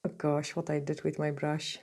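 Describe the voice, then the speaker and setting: Woman, nail tutor, lowish pitch, gushing casual talk, losing her voice. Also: flat delivery, normal speed, darkish tone. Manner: chatty and gushing, many "like" fillers. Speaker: nail artist teaching a tutorial. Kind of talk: casual tutorial narration while working.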